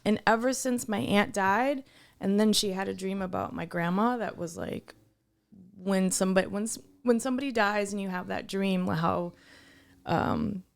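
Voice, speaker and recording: Gravelly-voiced woman telling a story. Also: medium pitch, normal speed. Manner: animated storyteller who acts out quoted dialogue. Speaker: podcast co-host. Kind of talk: casual podcast chat, storytelling.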